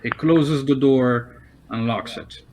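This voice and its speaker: A man narrating a tabletop role-playing game as game master, talking haltingly with lots of fillers and restarts over an online call. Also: mid-range voice, a little mellow, a little hiss or hum, low-quality recording.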